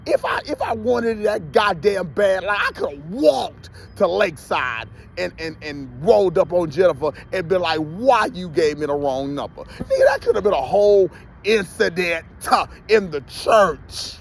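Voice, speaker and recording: Guy ranting on his vlog, gravelly voice, swings all over the place, fed up and cussing. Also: sits high, sing-song, normal speed, a little hiss or hum. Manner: heated, profane, repetitive ranting. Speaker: vlogger. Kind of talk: ranting monologue to camera.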